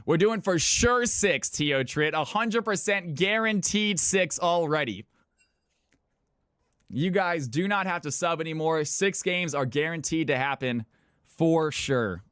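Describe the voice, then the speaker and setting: A man hosting a live stream of viewer games, hyping up his chat with excitable shouting and cheering. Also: fairly high pitch, unhurried, clean tone, no room sound, studio quality. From California. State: out of breath. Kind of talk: live-stream hype commentary.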